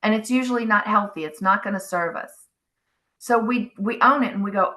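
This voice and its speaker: A middle-aged woman hosting a spiritual wellness talk, calmly guiding listeners and acting out their inner thoughts. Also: mid-range voice. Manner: slow, soothing, acts out inner voices. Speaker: spiritual wellness channel host. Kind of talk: guided self-help talk.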